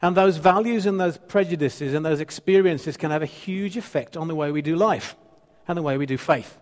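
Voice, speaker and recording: A man in his fifties preaching a sermon, his fairly high voice carrying a long reverb through a church hall. He teases the congregation playfully and drives points home by repeating phrases. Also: moderate pace. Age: 50s. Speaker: pastor.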